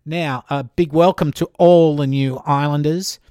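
A man hosting a podcast, chatting casually and rambling with dry, dark humor. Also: on the high side, fairly even intonation, measured pace, smooth, no room sound. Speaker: podcast host.

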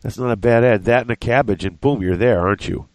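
A man's voice: medium pitch, fast talker, no echo. A man in casual hobby chat, thinking aloud as he works out prices and corrects himself.

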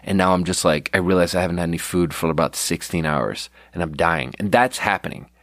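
A young man rambles through a casual story, swearing and running himself down, his voice sitting a little low. He is sleep deprived, and the recording is dry and close with no room around it. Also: brisk, fairly bright tone, no room sound. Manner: rambling, profane, self-deprecating. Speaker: podcast host.

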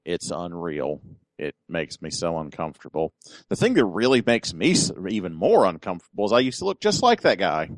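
A man co-hosting a casual podcast chat, wry and joking, with a lively delivery. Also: fairly quick, no room sound. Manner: wry, joking, puts on a booming announcer voice at times. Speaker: podcast co-host.

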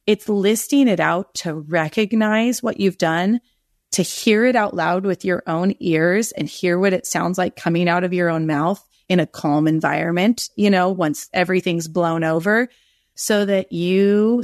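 A woman's voice: fairly low pitch, vocal fry, no room sound, studio quality. A middle-aged woman speaking as a guest author in a podcast interview, earnest and rambling, often correcting herself.

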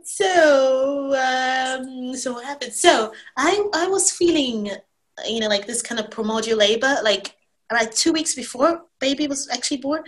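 A woman in her thirties tells a personal story in a relaxed interview. She talks casually and brightly, and she acts out the things she said back then in a higher voice. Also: low-quality recording. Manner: animated storyteller who acts out her own past lines. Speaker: guest telling her birth story.

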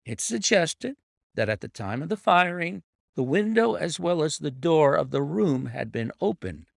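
A sharp, composed detective, voiced by a man reading aloud, laying out his reasoning in a measured, authoritative voice with lively pitch and a gravelly edge. Dry, close recording. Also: no room sound. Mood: assured. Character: sharp, composed male detective, middle-aged.

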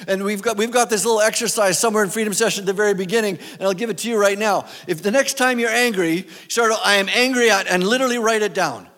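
A man with a fairly high voice preaches a sermon as a guest speaker. He talks conversationally, often turning to ask his listeners questions. The sound carries the long reverb of a church hall. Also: quick pace, hardly any pauses, fairly bright tone. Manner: conversational, asks the audience questions.

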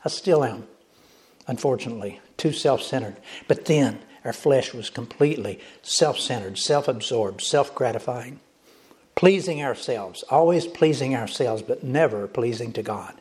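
A man's voice: mid-range voice, animated, moderate pace, darkish tone. Man, pastor, sermon, emphatic, repeats phrases, addresses the congregation.

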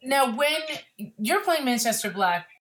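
Higher-voiced American woman hosting. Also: big pitch swings, unhurried, a bit bright. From United States. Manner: chatty, laughs often, playful asides. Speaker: podcast host. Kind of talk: casual interview chat.

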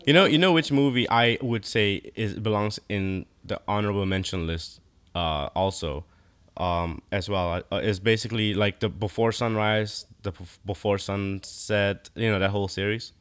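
A man's voice: lowish voice, normal speed, a bit bright, clean tone. A man chatting casually on a podcast, rambling and searching for words with many fillers. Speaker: podcast co-host. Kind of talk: casual chat.

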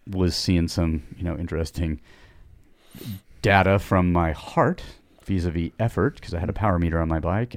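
A man's voice: low voice, vocal fry, darkish tone, no echo, clean studio sound. A middle-aged man telling a long casual story on a podcast, rambling with many restarts and asides. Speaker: podcast guest.

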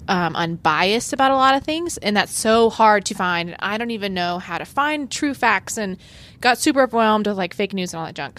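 A woman's voice: medium pitch, fairly bright tone. Earnest chatty woman on a podcast. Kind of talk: casual chat.

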